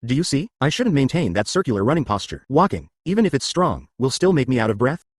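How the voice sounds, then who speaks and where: Husky, lively-voiced male exercise instructor. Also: medium pitch, fast talker, no room sound, studio quality. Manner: instructive, often checks with listeners. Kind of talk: spoken exercise lesson.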